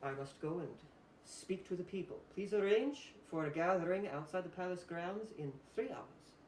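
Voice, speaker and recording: A man voicing a stern female priestess ruler who gives orders in a commanding, measured way. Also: sits high, distant mic, voice pushed up, lightly acted. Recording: roomy echo, faint hiss.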